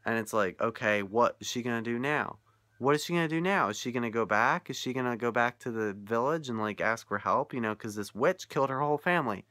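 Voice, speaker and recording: A man's voice: mid-range voice, a little fast, pushed and bright, no room sound, studio quality. A young man ranting casually about a film he watched, incredulous and often laughing. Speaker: vlogger reviewing a film. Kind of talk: casual rant.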